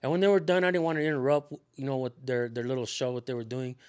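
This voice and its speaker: A man's voice: medium pitch, fast, darkish tone, clean tone. A man hosting a casual talk, rambling with many fillers and restarts. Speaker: channel host, activist. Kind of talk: casual conversation.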